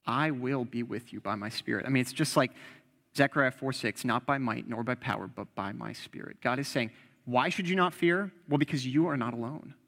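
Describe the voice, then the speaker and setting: A man's voice: medium pitch, a little fast, gravelly, a bit bright, big-room sound. A young man preaching an earnest, conversational sermon and quoting scripture.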